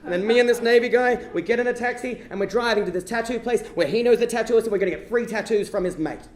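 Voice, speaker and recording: A man performing a comic true-life story on stage in an animated way, swearing and breaking into shouts. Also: very high-pitched, fast. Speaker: stand-up storyteller. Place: live venue stage. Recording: echoey live hall.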